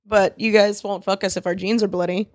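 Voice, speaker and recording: A woman in casual chat, curious and asking quick questions. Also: medium pitch, flat delivery, dry recording, studio quality.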